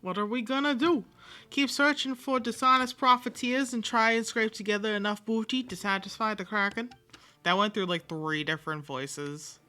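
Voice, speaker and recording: A woman reads game dialogue aloud and does a voice for each part. Her tone is bright and sits a little high. She jumps between voices and accents, sometimes with pirate flourishes. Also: normal speed, soft background music. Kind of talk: playful voicing of game dialogue.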